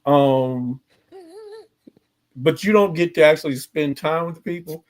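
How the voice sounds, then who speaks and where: A man's voice: fairly high pitch, a little slow. Male co-host, friendly, hesitant, lots of fillers. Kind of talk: casual conversation.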